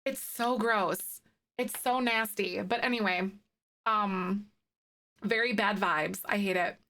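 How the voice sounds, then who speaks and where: A young woman streams a game live and chats casually with her viewers, reacting to their messages with laughs and fillers. Her mid-range voice is slow and sharp in tone.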